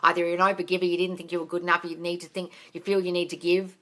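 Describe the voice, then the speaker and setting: This is an Australian woman with a bright, forward voice, answering viewer questions on a casual live stream. She is frank and unfiltered, swears now and then, and calls her audience darling. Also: on the low side, racing. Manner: reads out viewer comments in a lively voice.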